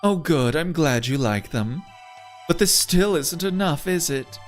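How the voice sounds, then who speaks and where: Guy doing a sultry sweet game lady, slow and coaxing, pitch all over the place. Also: expressive, soft background music. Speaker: streamer reading game dialogue aloud. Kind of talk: voiced game playthrough.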